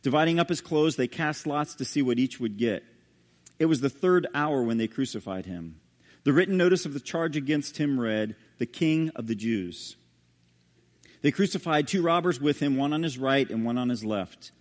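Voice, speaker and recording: Man, pastor, sermon, scripture reading, dramatic hushed drops, average pitch, long reverb. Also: lively intonation, moderate pace. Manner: dramatic, drops to a hushed low voice on key words.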